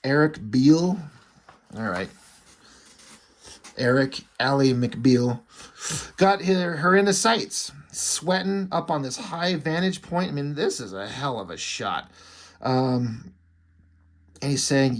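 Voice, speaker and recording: A man's voice: medium pitch, slow pace, pauses often. A man reviewing a comic book in casual commentary, irreverent and wry, with frequent swearing.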